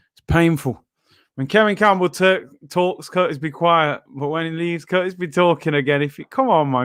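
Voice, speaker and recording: A man's voice: on the high side, smooth, no echo, clean studio sound. A man hosting a live football watchalong, chatting casually in slang and reading out chat messages.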